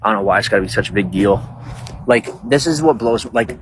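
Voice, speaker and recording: A man's voice: fairly low pitch, animated, fast talker, a little hiss or hum. A man chatting casually on a livestream, rambling with lots of fillers, outdoors at night. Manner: rambling, talks to viewers, many fillers. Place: outdoors at night, bugs around.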